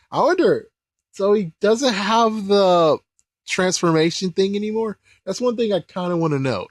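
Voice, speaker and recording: A man's voice: a little high, dry recording. Young guy rambling through an episode recap, bouncy voice, dry close sound. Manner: rambling, laughing, loose. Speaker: host. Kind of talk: casual episode commentary.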